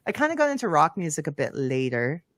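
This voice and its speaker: A Canadian woman with a low, sing-song voice talks fast in a dry, studio-quality recording. As a podcast guest in a casual chat, she tells upbeat stories from her youth, chatting away and laughing easily.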